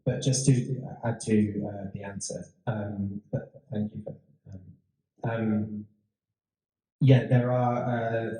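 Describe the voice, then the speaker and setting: Man, dark and mellow tone, chatty talk speaker, echoey room. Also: lowish voice. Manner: chatty, rambling, with frequent restarts and laughs. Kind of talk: casual public talk with audience Q&A.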